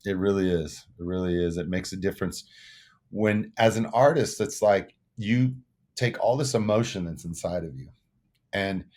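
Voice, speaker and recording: Musician guest, 60s male, deep voice, thoughtful storyteller who restarts phrases. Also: moderate pace, a little mellow. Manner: earnest, reflective, repeats words as he gathers thoughts. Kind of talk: casual interview storytelling.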